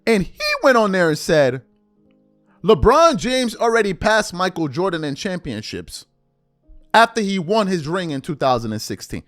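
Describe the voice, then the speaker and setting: A sports commentary host delivers a ranting monologue at normal speed, his high, slightly bright voice swinging widely in pitch. Indignant and mocking, he mimics the people he quotes while soft music runs underneath.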